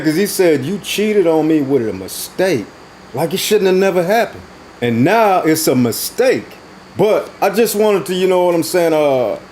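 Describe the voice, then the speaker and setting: A man's voice: a little high, darkish tone, a little hiss or hum, rough recording. A man hosting a reaction video, commenting casually in a laid-back way with many fillers.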